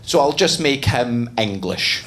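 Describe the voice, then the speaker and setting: A man's voice: medium pitch, expressive, unhurried, fairly bright tone. A man telling a story in a stand-up set on a comedy stage, self-mocking and sweary. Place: comedy stage before an audience.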